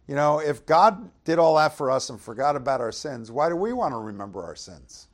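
A man preaching a conversational sermon, reading scripture aloud with loud swells and asking the audience rhetorical questions. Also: medium pitch, big pitch swings, brisk, hardly any pauses. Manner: loud dramatic swells when reading verses.

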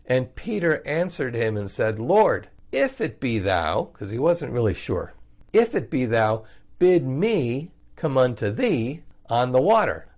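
A man's voice: mid-range voice, darkish tone. A man teaching the Bible verse by verse in a casual, conversational way, reading passages and explaining them in everyday words.

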